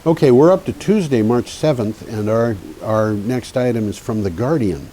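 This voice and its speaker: New male co-host, low mellow voice, lively storyteller, slight tape hiss. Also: normal speed. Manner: chatty, laughs often, tells stories. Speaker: co-host of an energy news show. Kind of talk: casual news discussion. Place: community TV studio. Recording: faint hiss.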